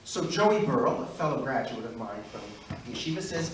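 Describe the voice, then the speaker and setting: A middle-aged man from Brooklyn, telling stand-up stories at a measured pace and putting on voices for his characters. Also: medium pitch, lively intonation, background noise. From Brooklyn, USA. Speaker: stand-up comedian. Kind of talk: stand-up storytelling. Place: university event hall. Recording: very echoey hall, far mic.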